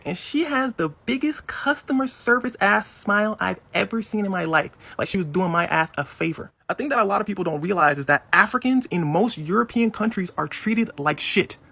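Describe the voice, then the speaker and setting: Animated, gravelly American man telling a story. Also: high voice, fast, few pauses, dry recording. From United States. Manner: animated, profane, punchy delivery. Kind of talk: comedic storytelling.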